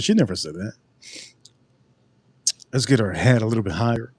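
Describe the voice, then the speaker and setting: A man hosting a casual livestream drink review, rambling and joking with sudden animated outbursts. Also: fairly low pitch, normal speed, background noise. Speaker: livestream host.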